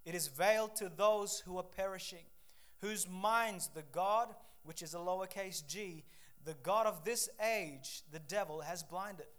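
A male preacher from Papua New Guinea delivering a sermon, reading scripture and telling lively stories with sudden swings in loudness. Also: sits high. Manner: animated storytelling with shifting loudness, acts out voices.

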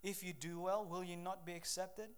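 A male preacher from Papua New Guinea delivering a sermon, reading scripture and telling lively stories with sudden swings in loudness. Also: sits high, normal speed, smooth. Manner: animated storytelling with shifting loudness, acts out voices.

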